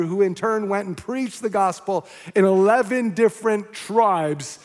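A man's voice: high-pitched, moderate pace, hardly any pauses, long reverb tail. A man preaching a sermon, telling a story animatedly, acting out the quotes and restarting his sentences often. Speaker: pastor.

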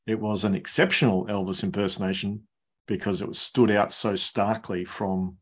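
Husky low-voiced man chiming in. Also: steady tone, normal speed. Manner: chiming in with stumbling interjections. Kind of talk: casual chat.

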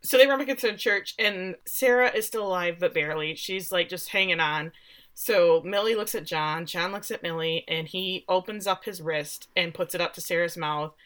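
A woman's voice: lowish voice, normal speed, fairly bright tone. A woman casually recapping a story on a podcast, acting out the characters' lines as she goes. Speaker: podcast co-host recapping a show. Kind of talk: casual chat.

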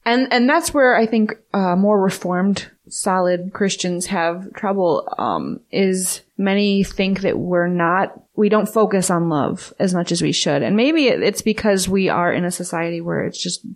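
A woman's voice: lowish voice, lively intonation, unhurried, hardly any pauses. Playful woman co-hosting faith radio. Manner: playful, teasing, laughs often. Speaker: radio show co-host. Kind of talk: casual faith talk radio chat.

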